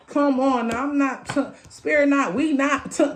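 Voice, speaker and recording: A young adult woman with a slightly high voice talks straight to her viewers as a tarot reader. She is loose, emphatic and profane, and chants the same phrases again and again in a casual motivational chat. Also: steady tone, unhurried, hardly any pauses.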